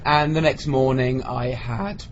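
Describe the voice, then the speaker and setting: A man's voice: mid-range voice, a little slow. A man telling a comic anecdote in a casual podcast chat, acting out the lines of the people in it. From Britain. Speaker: podcast co-host. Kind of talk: casual storytelling among friends. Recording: lo-fi podcast with faint noise.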